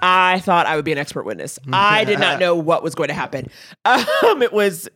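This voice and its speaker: A woman co-hosting a podcast, telling a comic story in a lively, profane way. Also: on the low side, fairly quick, soft background music. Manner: profane, lively, slips into voices for the people in her stories. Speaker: podcast co-host.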